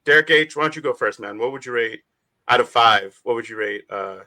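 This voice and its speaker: A man's voice: medium pitch, a little fast, pushed and bright. A man hosting a casual panel chat, laughing often and filling his talk with "like". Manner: laughing, filler-heavy with many "like"s. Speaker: show host.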